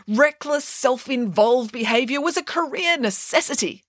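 A woman's voice: high voice, animated, moderate pace, fairly bright tone, no room sound, studio quality, pitched above the performer's own voice. A woman doing a grand, theatrical pig nanny. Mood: boastful. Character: flamboyant, self-important female pig nanny.

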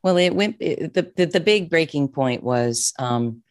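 A middle-aged woman, a therapist and coach, telling her own story in an interview, expressive and emotional, often restarting her sentences. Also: deep voice, a little slow, no room sound, studio quality.

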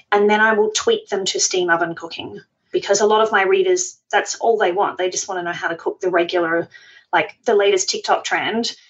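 A woman's voice: medium pitch, fairly bright tone, dull audio. A woman guest on a podcast, talking in a chatty, self-deprecating way and laughing often. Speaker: podcast guest, food blogger. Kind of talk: conversational interview.

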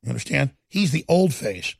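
A man hosting a talk radio show, delivering a heated, ranting monologue that swings between loud and quiet. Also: medium pitch, big pitch swings, normal speed, creaky, slightly rough, dry recording, studio quality.

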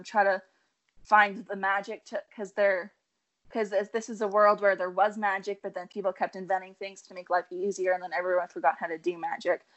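A woman's voice: medium pitch, dull audio. A young woman co-hosting a casual chat, bubbly and giggly, filling her talk with "like". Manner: bubbly, giggly, many "like" fillers. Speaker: co-host.

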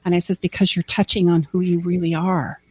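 A woman's voice: on the low side, little pitch movement, brisk, darkish tone, slightly rough, dry recording. A woman coach in a casual conversation, speaking heartfelt and acting out quoted voices.

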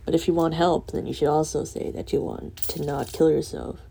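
A drowsy young woman ranting late at night, rambling and swearing with soft laughs breaking in. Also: sits low, fairly quick, gravelly, husky. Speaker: vlogger.

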